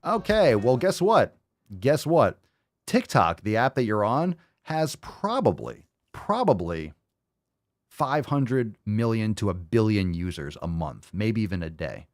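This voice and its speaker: A man's voice: on the low side, sing-song, measured pace, no echo, soft background music. A man hosting a podcast who reacts to clips in a mocking, profane, sarcastic way. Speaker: podcast host. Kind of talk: casual podcast reaction commentary.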